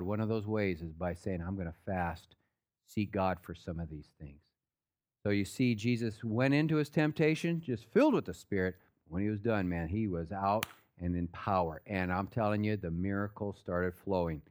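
A man preaching a sermon in a conversational way, guiding listeners through scripture and dropping low and soft on his earnest points. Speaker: pastor.

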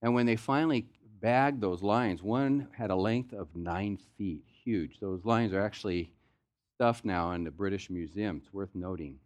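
A man's voice: fairly low pitch, normal speed. A man preaching a sermon as pastor, in a loose, conversational storytelling way. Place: church sanctuary.

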